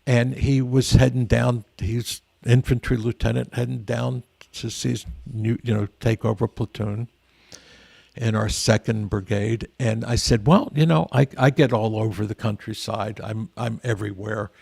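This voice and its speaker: A man's voice: mid-range voice, flat delivery, moderate pace, gravelly, a little mellow, slightly rough, dry recording. An older man, a veteran guest, telling stories in a rambling, earnest way with frequent restarts. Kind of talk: casual storytelling interview.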